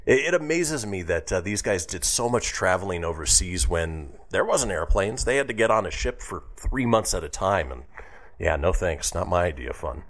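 A man hosts a radio show, his low voice swinging widely in pitch. He reads history items and tosses in jokes along the way. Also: normal speed. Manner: lively, reads history segment with quips. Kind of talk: casual radio banter.

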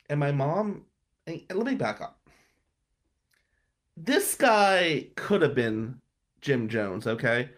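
A man's voice: on the high side, animated, takes it slowly, pauses often. A man hosting a podcast, telling a personal story in a monologue and acting out his relatives' words in different voices. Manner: dramatic, acts out relatives' lines in voices. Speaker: podcast host.

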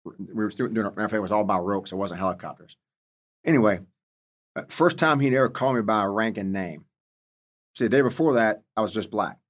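A man's voice: lowish voice, a little fast. A man in his fifties, a senior Marine leader interviewed as a guest, telling stories bluntly with salty words. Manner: animated storyteller, blunt and salty. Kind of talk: storytelling interview.

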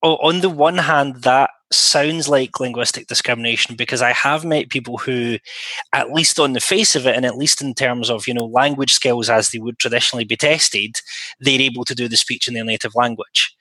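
A man co-hosting a chat podcast who works as an interpreter. His voice is bright and close-miked with a dry sound. He talks in long, measured sentences that build a careful argument. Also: mid-range voice, no room sound. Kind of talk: casual panel chat.

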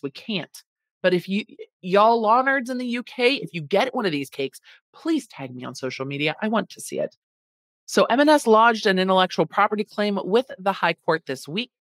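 A woman's voice: medium pitch, a bit bright, no echo. A woman hosting a podcast, chatting casually and wryly about a food lawsuit. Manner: chatty, wry, sarcastic asides. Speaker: podcast host.

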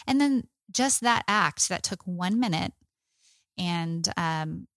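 A woman with a fairly low voice talks through her parenting experience in an easy conversation with her husband. She speaks calmly and thoughtfully. The recording is dry and close. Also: slow pace, dry recording. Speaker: co-host of a Christian parenting podcast.

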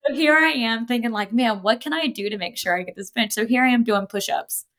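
A young adult woman, a podcast guest and powerlifting coach, telling her stories in casual chat, animated, often laughing and acting out what people said. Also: a little high, a little fast. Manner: animated, laughs often, acts out quoted voices.

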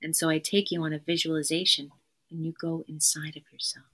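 A woman's voice: low voice, flat delivery, fairly quick, pushed and bright, slightly rough. A woman therapist, a podcast guest, talking in an earnest, emphatic way and repeating her key phrases. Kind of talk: conversational interview.

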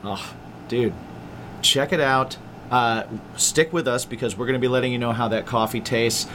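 A man's voice: medium pitch, moderate pace, fairly bright tone, a little hiss or hum. A man co-hosting a podcast, doing sponsor reads in upbeat, casual chat. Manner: upbeat, enthusiastic, says "dude" a lot. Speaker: podcast co-host.

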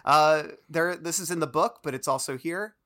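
A man's voice: fairly high pitch, normal speed, sharp tone. Jokey podcast co-host man. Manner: jokey, leads the segments. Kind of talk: casual podcast chat.

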